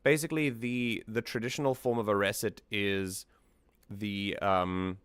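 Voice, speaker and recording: Man, low voice, smooth and clear, music analysis host, casual thoughtful chat, dry close mic. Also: fairly even intonation, measured pace, fairly bright tone, no room sound. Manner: thoughtful, repeats words while thinking.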